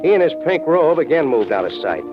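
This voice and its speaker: A man's voice: on the high side, big pitch swings, brisk. An actor narrating as a dry, wisecracking hard-boiled male detective in a 1940s radio drama. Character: tough, wry male private eye. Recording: dull vintage radio with music bed.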